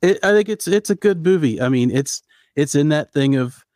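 A man's voice: on the high side, moderate pace, no echo, clean studio sound. A middle-aged man co-hosting a podcast, chatting casually about a movie, rambling and restarting his sentences. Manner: rambling, animated, self-interrupting. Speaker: podcast co-host. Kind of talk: casual movie review chat.

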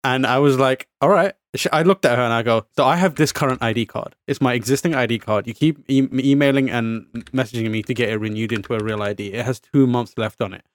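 This podcast co-host from the United Kingdom has a mid-range voice and speaks fast with few pauses as he tells a story in casual chat. He acts out voices animatedly, swears, and fills with frequent fillers; there's no echo.

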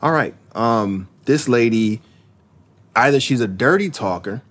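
A male podcast host talks in a loose, joking way, full of fillers and quick laughs. His pitch swings widely as he riffs. It sounds like relaxed conversational banter. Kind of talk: casual chat.

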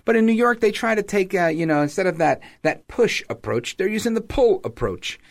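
A man's voice: sits high, animated, fairly quick, gravelly. A man hosting a podcast, delivering a political commentary monologue and breaking into mocking impressions of radio ads. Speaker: podcast host.

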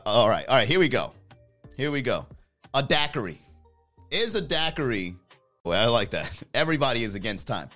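A man's voice: medium pitch, sharp tone. A man hosting a livestream in casual chat, joking and rambling and laughing often. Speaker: livestream host.

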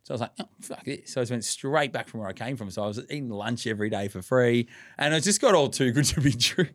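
A man in his late twenties with an Australian accent, co-hosting a casual podcast and telling stories in an animated, profane, self-deprecating way. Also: mid-range voice, fast. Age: late 20s. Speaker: podcast co-host. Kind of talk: casual chat, storytelling.

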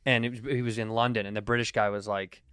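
A man's voice: lowish voice, level tone, quick pace, fairly bright tone, clear, resonant tone, no room sound, clean studio sound. A man hosting a casual chat, joking and explaining things at length.

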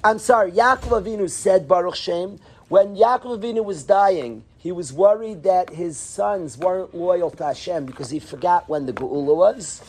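A man's voice: sits high, normal speed, hardly any pauses, breathy edge. A man teaching a Torah class to yeshiva students, earnest, calling on students by name and dropping into whispers.

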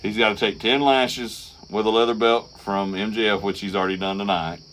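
A man co-hosting a podcast, recapping wrestling in casual, profane, animated chat. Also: lowish voice, a little fast, a little hiss or hum. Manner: profane, animated storytelling with acted quotes. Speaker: podcast co-host.

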